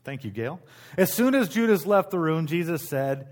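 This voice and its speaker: A man's voice: a little high, big pitch swings, normal speed, darkish tone. Middle-aged guy pastor giving a sermon in church, chatty, reads a verse then unpacks it. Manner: conversational preaching with asides to the congregation. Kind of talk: sermon, reading and explaining scripture. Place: church sanctuary.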